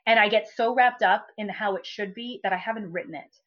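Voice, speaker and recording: A woman's voice: mid-range voice, brisk. A woman guest on a podcast in casual chat, telling her story animatedly and acting out her own quoted thoughts. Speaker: guest, brand strategist and coach. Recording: dull lo-fi sound.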